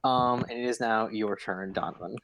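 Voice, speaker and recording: A man running a tabletop game as game master, narrating slowly with many fillers and tallying dice aloud. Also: lowish voice, background noise.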